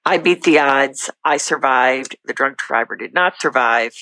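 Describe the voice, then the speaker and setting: Middle-aged woman guest, bright and forceful tone, earnest testimony, dry close sound. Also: rumbling low, no echo, low-quality recording. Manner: earnest, faith-filled, talks in quick bursts with restarts. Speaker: podcast guest. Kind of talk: candid personal testimony.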